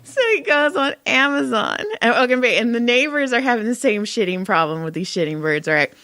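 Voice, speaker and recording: A woman's voice: on the high side, brisk, a bit bright, no echo, clean studio sound. A woman co-hosting a podcast, telling a story casually with frequent laughter and swearing. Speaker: podcast co-host. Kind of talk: casual chat.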